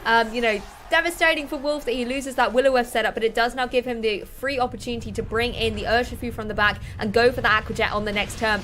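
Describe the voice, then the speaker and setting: Fast-talking female esports commentator. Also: fairly high pitch, fairly bright tone, slight background noise. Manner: brisk play-by-play calling. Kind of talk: live game commentary.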